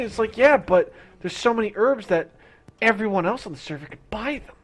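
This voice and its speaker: A young man streaming, ranting about games in an excitable, profane, fast-talking way. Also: high voice. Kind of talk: ranting gaming stream chat.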